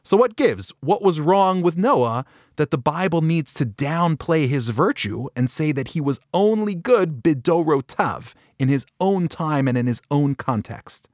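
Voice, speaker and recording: A man hosting a podcast, telling a Bible story in an animated way and acting out the quoted lines. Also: on the high side, unhurried, few pauses, no echo, studio quality. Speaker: podcast host. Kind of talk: storytelling talk on a Bible passage.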